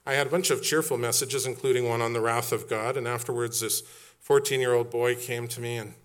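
A man's voice: mid-range voice, fairly even intonation, a little fast, clean tone. A middle-aged man preaching a sermon as pastor, telling stories casually and building to emphatic repeated questions. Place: church.

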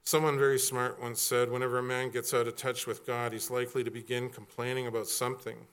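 A man's voice: medium pitch, flat delivery, fast, fairly bright tone, clean tone. A middle-aged man preaching a sermon as a pastor, conversational and jokey, sometimes acting out other people's voices.

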